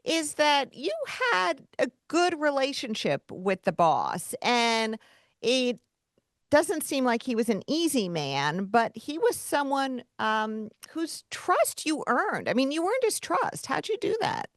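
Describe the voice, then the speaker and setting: A woman hosting a podcast, asking questions in a lively, chatty interview style. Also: high voice, slow, dry recording, studio quality. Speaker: podcast host. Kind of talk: casual interview chat.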